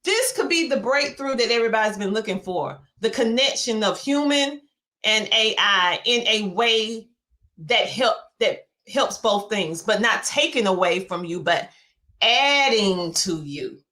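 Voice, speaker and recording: A woman with a Southern US accent hosting an interview, talking in an excitable, animated way with lots of laughter. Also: a little high, a little slow. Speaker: podcast host. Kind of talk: casual interview chat.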